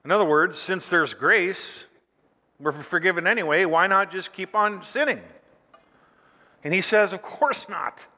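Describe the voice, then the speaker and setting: A man's voice: high voice, unhurried, sharp tone, big-room sound. A man preaching a sermon as pastor, stretching key phrases out for emphasis.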